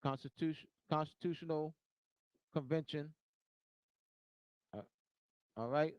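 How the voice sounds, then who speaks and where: A man lectures in a slow, deliberate way, his voice sitting a touch high for a man. He hammers points home by repeating lines, rising and growing forceful. The sound is dry and close, with no room echo. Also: steady tone, smooth. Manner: repetitive and emphatic, repeating phrases for stress; grows louder and higher toward the end. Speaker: speaker. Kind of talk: teaching talk.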